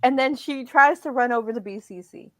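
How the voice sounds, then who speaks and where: A woman co-hosting a casual wrestling podcast, animated and quick to laugh. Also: fairly high pitch, no room sound, studio quality. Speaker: podcast co-host.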